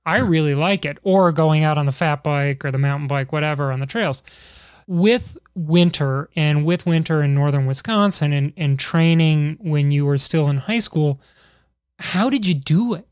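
A man's voice: on the high side, normal speed, clear, resonant tone, dry recording, studio quality. A man hosting an interview, asking long, rambling questions with chatty asides. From Chicago area. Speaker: podcast host. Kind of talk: casual interview.

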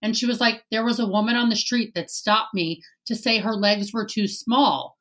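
Higher-voiced woman host. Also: moderate pace. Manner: engaged, asks questions, tells lively anecdotes. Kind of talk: casual interview chat.

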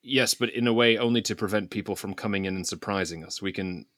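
A man playing a tabletop game, thinking aloud in a deliberate way. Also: lowish voice, a bit bright, no room sound, clean studio sound. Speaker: player. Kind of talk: casual tabletop play.

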